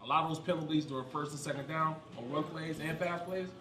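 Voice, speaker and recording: A former football player spins a lively locker-room tale, his voice sitting fairly high and bursting loud whenever he acts out a teammate. The room is echoey and a crowd murmurs behind him. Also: fast. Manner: animated storyteller, yells quoted lines. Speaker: former NFL player, panelist. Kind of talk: casual sports chat, storytelling.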